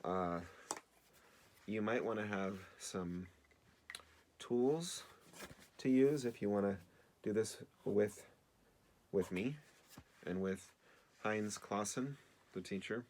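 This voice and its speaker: Male teacher, low voice, relaxed remote lesson for kids, chatty, self-deprecating, lots of ums. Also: slow, long pauses, a little hiss or hum. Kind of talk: casual remote video lesson for children.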